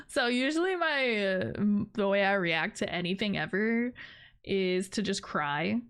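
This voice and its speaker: A young woman chats on her livestream with a smooth, clean voice at a middle pitch. She rambles loosely and mocks herself, breaking into giggles now and then. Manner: rambling, self-deprecating, giggly. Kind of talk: casual stream chat.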